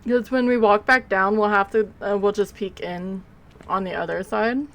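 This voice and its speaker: On a low-quality recording with slight background noise, a woman streamer talks at normal speed in a medium-pitched, fairly even voice. She gives casual live commentary while playing, rambling drowsily and yawning between remarks.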